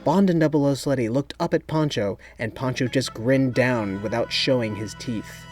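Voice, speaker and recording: A man narrating a storybook chapter in a steady, even voice of ordinary pitch. His delivery is plain and measured, built for reading aloud. Quiet music plays beneath the reading. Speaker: audiobook narrator. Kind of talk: scripted narration.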